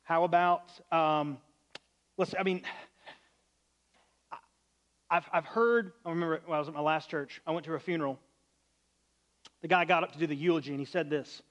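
Man, pastor, high voice, earnest sermon, conversational, soft at times. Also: normal speed, pauses often. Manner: earnest, conversational, drops to quiet on sad moments.

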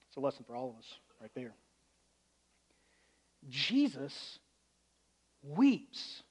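A male pastor preaching an earnest, conversational sermon that often drops to a quiet tone. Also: high voice.

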